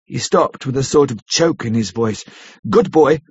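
A man narrates a classic novel at a measured, steady pace. His voice is husky and mid-pitched. The recording is dry and lo-fi. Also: no echo. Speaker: audiobook narrator. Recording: dull lo-fi recording.

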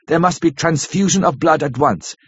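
A man voicing a grave, kindly older professor who speaks in solemn, formal, halting phrases. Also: on the high side, slightly rough, no echo. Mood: urgent. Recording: dull lo-fi recording.

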